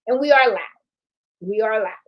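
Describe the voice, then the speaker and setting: A woman's voice: on the high side, normal speed, muffled recording. A middle-aged woman hosting a crafts channel, chatting casually and animatedly, laughing often. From Puerto Rican family background. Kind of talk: casual live-stream chat.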